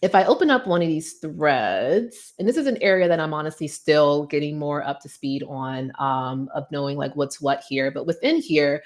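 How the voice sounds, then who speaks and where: Young woman with a low voice walking thru a software demo, chatty, lots of ums and likes. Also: moderate pace, hardly any pauses. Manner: chatty, many "um" and "like" fillers. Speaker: guest presenter demoing software. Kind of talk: casual tech demo chat.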